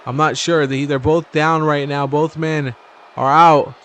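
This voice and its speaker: A man's voice: unhurried, slight background noise. A man giving chatty, casual play-by-play commentary on a video game wrestling match, his voice jumping up at big moves. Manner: chatty, excitable, jumps in pitch at big moves.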